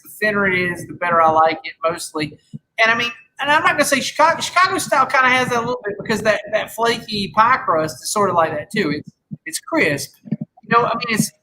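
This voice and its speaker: Podcast host, man in his thirties, loose rambling chat, swears a lot, bright tone, faint hiss behind. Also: sits high, lively intonation, a little fast, poor audio. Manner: rambling, swears freely, many restarts. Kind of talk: casual chat.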